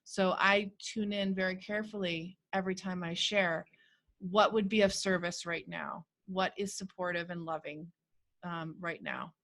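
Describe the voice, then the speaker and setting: Low-voiced thoughtful woman teacher. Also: steady tone, a bit bright. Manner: thoughtful, measured, frequent fillers. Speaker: spiritual teacher. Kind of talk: healing circle talk. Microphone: video call.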